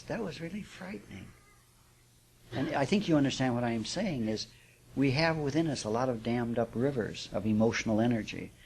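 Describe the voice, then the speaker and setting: An older man giving a sermon as a spiritual teacher, speaking in an unhurried, reflective way with repetitions and restarts. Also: mid-range voice, vocal fry, darkish tone, slight background noise.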